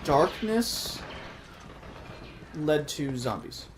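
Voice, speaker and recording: A man's voice: fairly high pitch, very animated, extremely slow, noisy background. Teasing, joking man co-hosting. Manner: teasing, joking, laughs often. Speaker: co-host. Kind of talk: casual let's-play commentary.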